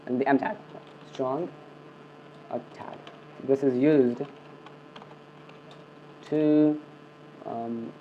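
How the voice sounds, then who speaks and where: A medium-pitched man gives a screencast coding lesson, repeatedly saying "okay" and "I mean" and often starting sentences over. He's a coding tutor, and the dull lo-fi recording has a little hiss or hum.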